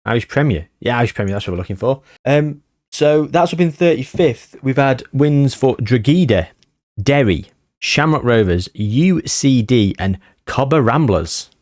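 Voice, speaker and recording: A man chats through his football management save in a loose, joking way, full of puns and self-deprecating asides. His voice sits a little low. The recording is close and dry, with no room sound. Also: darkish tone, dry recording. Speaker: gaming YouTuber. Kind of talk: casual game commentary.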